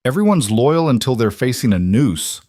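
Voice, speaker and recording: A man voicing a steady, determined frontier marshal who speaks in a firm, measured, matter-of-fact way. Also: medium pitch, no echo, clean studio sound, voice pushed up, natural voice.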